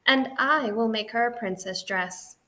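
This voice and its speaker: A woman's voice: fairly high pitch, a little slow, bright, forceful tone. A woman voicing a fussy, doting middle-aged housewife in a children's audiobook, with a gushing, genteel, emphatic manner.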